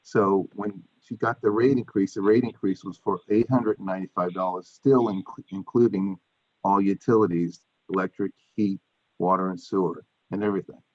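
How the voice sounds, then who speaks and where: A man's voice: low voice, fairly even intonation, moderate pace, muffled recording. A man speaking as a landlord at a public hearing over a video call, defensive and repetitive. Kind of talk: public meeting testimony.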